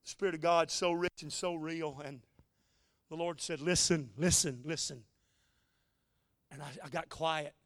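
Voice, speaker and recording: A man's voice: on the high side, steady tone, normal speed, fairly bright tone, clear, resonant tone, no echo, studio quality. A man preaching a sermon, telling a story in a folksy, emotional way with joking asides. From United States.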